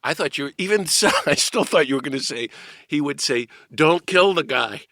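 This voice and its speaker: An older man hosting an interview, telling an animated story and laughing at himself. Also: on the high side, fairly quick, dry recording, clean studio sound. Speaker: podcast host.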